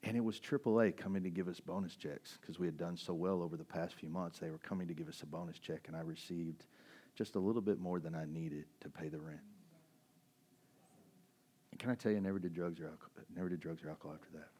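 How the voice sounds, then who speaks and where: A husky, low-pitched man in his forties talks fast with a warm tone. He's a pastor preaching a sermon, sharing a personal story conversationally, full of fillers and restarts.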